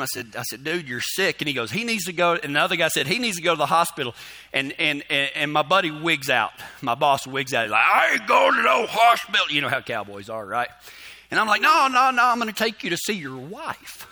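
A middle-aged man, calling in to a radio show and telling a story in a halting, animated way, acting out the dialogue. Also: on the high side. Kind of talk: casual storytelling.

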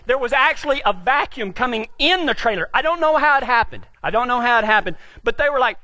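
A man's voice: very high-pitched, fast talker, hardly any pauses, bright, forceful tone, no echo. A man from Texas with a Texan accent, telling a funny, folksy, self-mocking story about himself. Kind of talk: humorous storytelling.

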